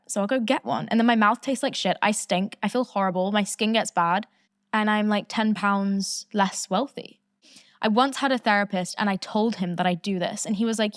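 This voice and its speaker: A young woman in her twenties talks straight into the mic in a candid, rambling monologue. She swears freely and laughs as she goes. Her pitch sits in the middle range, and the recording is close and dry with no room echo. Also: normal speed. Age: 20s. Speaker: podcast host.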